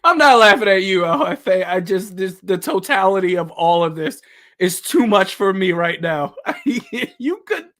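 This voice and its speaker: A man's voice: high voice, moderate pace, fairly bright tone. A man hosting a casual livestream, reacting with incredulous exclamations and bursts of laughter. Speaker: livestream host.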